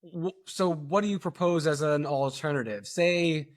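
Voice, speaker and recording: A man's voice: on the high side, measured pace. A man around forty co-hosting a podcast, thinking aloud with frequent fillers like "like" and "uh". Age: late 30s to early 40s. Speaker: podcast co-host. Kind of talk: casual opinion chat.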